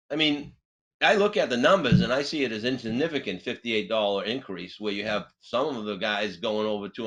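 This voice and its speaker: A man who trains car dealership staff, telling a coaching story on a webinar with lively, punchy delivery. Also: rough recording. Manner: animated, punchy delivery with big pitch swings. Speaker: sales trainer and webinar host.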